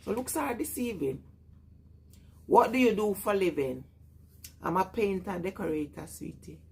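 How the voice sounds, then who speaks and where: A woman's voice: medium pitch, animated, moderate pace, gravelly, darkish tone, slightly rough. A woman with a Jamaican accent chatting casually on a live stream, greeting viewers and laughing often.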